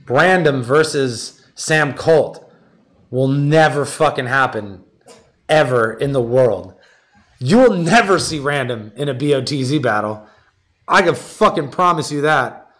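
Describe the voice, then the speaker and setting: Hosting a battle rap league stream, a high-voiced man goes on a profane, animated rant and announces a matchup. It's live-stream talk mixed with an announcement.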